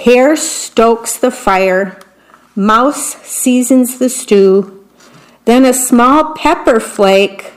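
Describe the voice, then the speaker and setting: A woman reading picture books aloud slowly and expressively, describing the pictures between the verses. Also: a little high, poor audio. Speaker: storybook reader.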